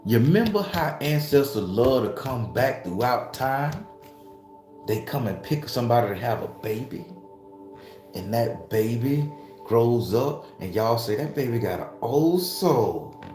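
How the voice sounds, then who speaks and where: A man's voice: medium pitch, expressive, unhurried, darkish tone. A man giving a fired-up spiritual talk straight to the camera, swearing freely and firing off rhetorical questions like a preacher. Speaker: spiritualist YouTuber. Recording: echoey room with faint music.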